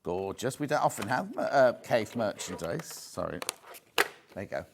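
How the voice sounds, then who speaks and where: A man's voice: on the low side, sing-song, moderate pace, vocal fry, background noise. A British man presenting on a live shopping channel, chatty and jokey, repeating prices as he shows products. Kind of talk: live TV sales pitch. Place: TV studio.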